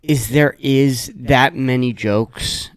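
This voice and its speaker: A man hosts a casual podcast, encouraging his guest and checking he makes sense. His voice is mid-pitched and recorded dry and close. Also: slow, no room sound. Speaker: podcast host.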